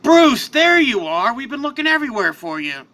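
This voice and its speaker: A man's voice: extremely high pitch, sing-song, moderate pace, bright, forceful tone, pitched above the performer's own voice, full character voice. A man voicing a strong, friendly male superhero who talks in an earnest, bold way. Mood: surprised.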